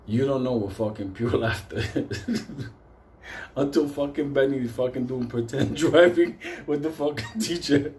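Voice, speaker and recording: A man's voice: medium pitch, unhurried, a little mellow, a little hiss or hum. A middle-aged man telling a comic story from his youth, rambling, swearing constantly and prone to laughing. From New York City. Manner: profane, rambling, easily breaks into laughter.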